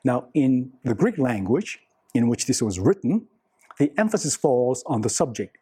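A man's voice: medium pitch, very animated, moderate pace, mellow, slightly rough. A man preaching a sermon, earnest, repeating key words for emphasis and putting questions to the congregation. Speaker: pastor.

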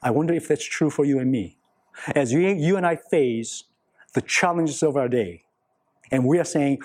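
A man's voice: medium pitch, lively intonation, moderate pace, a little mellow, husky. A man preaching a sermon, earnest, repeating key words for emphasis and putting questions to the congregation. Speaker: pastor.

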